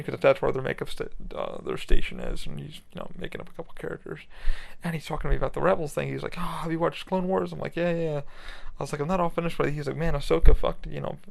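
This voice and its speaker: A man's voice: a little high, gravelly. A young man hosting his podcast alone, rambling through a casual, profane chat from his bedroom and laughing often. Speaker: podcast host. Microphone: laptop recording.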